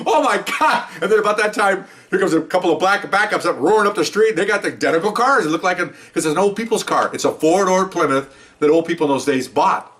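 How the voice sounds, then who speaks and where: A man, a retired police officer, telling a story from his years on the job in a casual, animated way, playing the voices of the people in it. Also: high voice, recorded from a distance. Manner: animated, acts out voices in the story, chuckles often.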